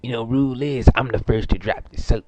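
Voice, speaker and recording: A man's voice: medium pitch, fairly quick, very noisy, close to an everyday voice. A young man playing a crude, boastful, foul-mouthed character, rambling and stumbling through an improvised comedy monologue. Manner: rambling, profane and stumbling, with many fillers. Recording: muffled lo-fi amateur recording.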